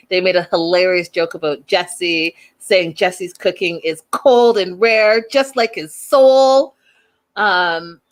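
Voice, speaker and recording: Chatty opinionated woman recapping TV. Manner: chatty, opinionated, acts out quotes in a high voice. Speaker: host recapping a reality show. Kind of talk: casual recap chat.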